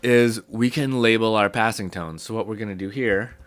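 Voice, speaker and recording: A man teaching music theory in a relaxed, step-by-step way, his voice low and rough from a cold, with many ums. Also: normal speed, no echo. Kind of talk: casual spoken lesson.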